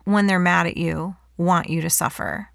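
A woman's voice: on the low side, steady tone, normal speed, gravelly, fairly bright tone. A woman hosting a podcast who responds thoughtfully and affirms her guest in casual conversation. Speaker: podcast host.

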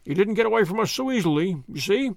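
A man's voice: high-pitched, animated, fast, vocal fry, no room sound, studio quality. A man doing a hearty, blustering police inspector. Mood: delighted. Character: bluff hearty middle-aged male police inspector.

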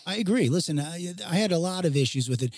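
A man's voice: on the high side, expressive, quick pace, a little mellow, slightly rough, no echo, clean studio sound. A man co-hosting a casual chat, opinionated and emphatic, firing off rhetorical questions. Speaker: podcast co-host.

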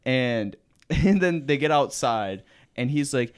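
A man's voice: medium pitch, a little slow, clear, resonant tone. A man in casual podcast chat, telling a story with lots of laughs and acted-out quotes. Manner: animated storyteller, laughs often, acts out quotes.

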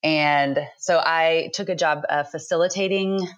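A woman in her thirties, a book author speaking as a podcast guest, talking thoughtfully with frequent pauses. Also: sits low, steady tone, dull audio. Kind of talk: conversational interview.

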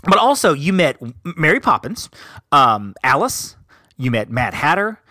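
A man's voice: fairly high pitch, very animated, measured pace, sharp tone, no echo. A man hosting a solo podcast in casual chat, enthusiastic and rambling, often breaking off to correct himself. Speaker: podcast host.

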